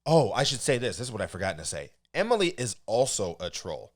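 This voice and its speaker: Talking fast in a lowish voice, a man co-hosting a podcast spins a funny story in casual banter. He stays animated throughout and keeps breaking into laughs.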